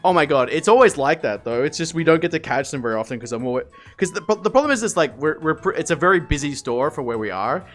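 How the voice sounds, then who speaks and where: A man chatting casually with his stream, telling stories in a lively, swear-heavy way. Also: on the high side, fast talker, hardly any pauses, faint music behind. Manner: animated storyteller, swears freely. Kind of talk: casual live-stream chat.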